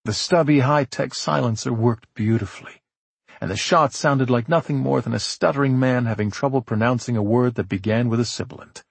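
A man reads a novel aloud in a measured, steady way. His voice is gravelly and a little husky, and it sits close and dry with no room sound around it. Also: mid-range voice, dry recording. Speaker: audiobook narrator. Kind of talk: scripted audiobook narration.

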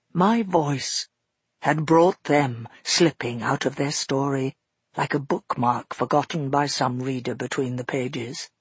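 A man's voice: on the high side, breathy edge, dry recording, exaggerated voice. A man reading an earnest father recounting. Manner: measured, earnest storytelling in first person. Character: grown father recounting a frightening past, shaken. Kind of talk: audiobook narration.

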